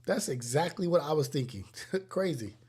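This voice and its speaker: His voice is a little high and slightly rough, at a moderate pace. He's a livestream host in his forties from Los Angeles, chatting casually and telling animated stories with lots of laughter.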